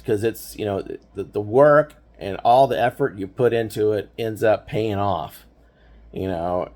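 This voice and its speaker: A man's voice: lowish voice, a little mellow. An older man telling personal stories in a casual, rambling way, full of fillers and restarts. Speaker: host. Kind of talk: casual storytelling.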